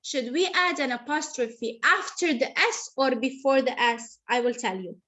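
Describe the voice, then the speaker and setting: A woman with a teaching an online grammar lesson over a video call, slow and patient, repeating explanations. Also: sits high, a bit bright. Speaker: English teacher.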